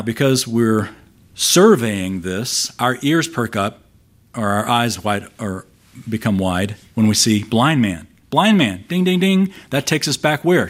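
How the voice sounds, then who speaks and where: A man with a fairly low voice preaches a teaching sermon to a congregation. He stresses key points emphatically and often poses rhetorical questions to draw his listeners in. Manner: emphatic, shifts volume for stress. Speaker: pastor. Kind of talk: expository sermon.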